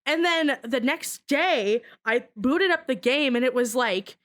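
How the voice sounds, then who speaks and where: A woman telling a story in casual podcast chat, animated and laughing often, swearing freely. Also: high voice, measured pace. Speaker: podcast guest.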